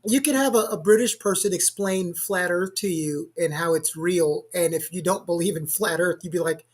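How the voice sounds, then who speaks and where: A man's voice: high voice, moderate pace, breathy edge. A man producing and co-hosting a livestream, chatting casually in a teasing, exasperated way over a video call.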